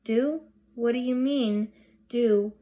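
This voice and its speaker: A woman's voice: on the high side, slow, warm tone. A woman reading the part of a nervous young girl arguing with her mother. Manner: protesting, nervous.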